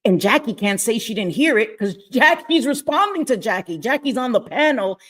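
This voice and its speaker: A middle-aged woman hosting a casual live stream from home, talking bluntly with lots of swearing and frequent laughter. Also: a little high. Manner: blunt, profane and laughing often. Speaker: livestream host.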